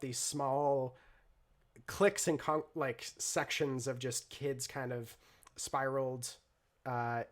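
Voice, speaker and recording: A man narrating a tabletop role-play game as game master, relaxed and rambling, with lots of fillers. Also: mid-range voice.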